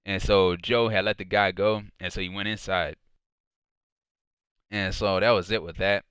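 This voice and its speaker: Rambling man with a bright, smooth voice. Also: deep voice, steady tone, moderate pace, no room sound. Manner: rambling, many fillers like "like" and "and so"; quotes others in a mock-heated voice. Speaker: wrestling show reviewer. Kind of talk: casual solo recap.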